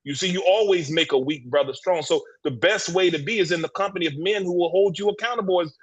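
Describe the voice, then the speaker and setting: A man speaks at a quick pace in a high, slightly rough voice, caught on a low-quality livestream video call recording. Taking part as a panelist in a heated men's discussion group, he preaches emphatically, often repeating words and beginning sentences anew.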